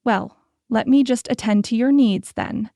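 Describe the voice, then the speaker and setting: A woman's voice: fairly high pitch, a little slow, creaky, dark tone, no echo, studio quality. A woman voicing a thin, wary middle-aged male shopkeeper who greets customers curtly in an audiobook. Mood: cool. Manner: curt and cool.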